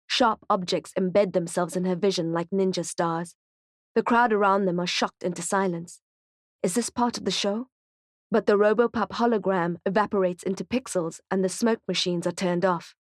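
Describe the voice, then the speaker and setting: A woman narrating a thriller audiobook in a tense, steady, present-tense storytelling voice. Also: medium pitch, normal speed, dry recording, studio quality.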